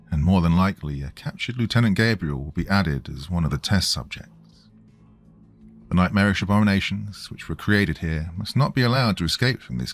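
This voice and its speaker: A man reading a scripted horror story in a slow, grave storytelling way. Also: deep voice.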